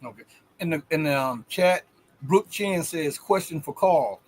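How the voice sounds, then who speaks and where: A man hosting a live stream, reading out chat questions in a measured way with many fillers. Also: on the high side, expressive, slight background noise. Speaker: host.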